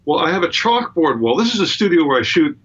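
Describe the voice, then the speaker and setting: A man's voice: on the high side, sing-song, fast, a bit bright, slightly rough, lo-fi sound. A man, a guitarist being interviewed from his home studio, telling stories in a laid-back, wry way. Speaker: guitarist and guest. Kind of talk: relaxed interview chat.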